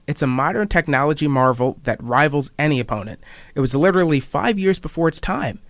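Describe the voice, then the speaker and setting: A man's voice: medium pitch, dry recording. A man in his twenties, a student writer, reading his own personal essays aloud with a wry, reflective manner. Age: 20s.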